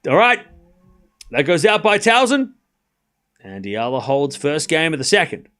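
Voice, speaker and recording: A man with a slightly high, very animated voice that sounds a bit bright, clear and resonant. He's hosting a live tennis watchalong, calling the score and chatting casually with viewers. He talks straight to his live chat in a chatty way, full of quick asides and restarts.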